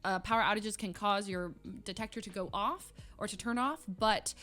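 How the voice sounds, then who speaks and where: A young woman streaming, telling a story to her chat in a casual, animated way, giggling and acting out sounds and voices. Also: medium pitch, moderate pace.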